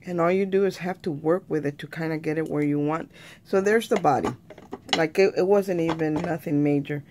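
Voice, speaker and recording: A woman's voice: deep voice, brisk, dark tone, a little hiss or hum. A woman talking viewers through a craft tutorial in a chatty way, often calling them "you guys".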